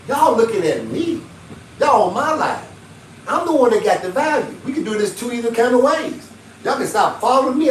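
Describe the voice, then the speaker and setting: A man, a pastor ranting emphatically on a livestream, swinging between shouting and low muttering. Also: reverberant, distant mic, a little hiss or hum, low-quality recording. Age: 50s. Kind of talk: livestream preaching rant.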